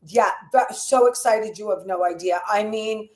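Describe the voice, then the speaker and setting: A woman's voice: mid-range voice, normal speed. A woman co-hosting a casual gossip livestream, telling stories in detail and acting out what people said. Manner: lively storyteller, acting out quoted dialogue. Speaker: co-host. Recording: echoey room.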